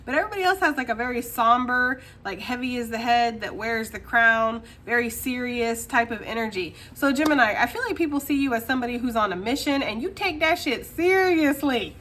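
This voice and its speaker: A woman's voice: fairly high pitch, a little fast, hardly any pauses, fairly bright tone. A woman giving a casual tarot reading straight to the viewer, chatty and laughing often. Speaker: tarot reader.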